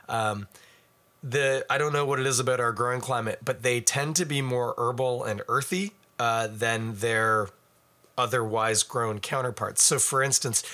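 A man's voice: medium pitch, bright, forceful tone. A man giving a casual, rambling beer tasting review full of asides.

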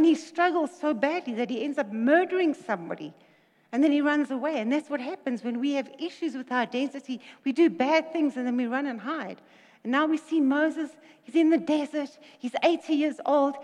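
A woman delivers a lively sermon, retelling a story with jokes and quick asides. Her voice sits high, and a long reverb trails behind it from a large hall. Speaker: preacher.

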